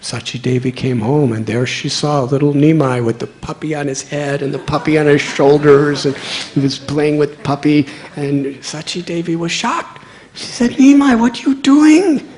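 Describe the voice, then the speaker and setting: A man giving a storytelling sermon as a monk, speaking gently with chuckling asides. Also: on the high side, normal speed.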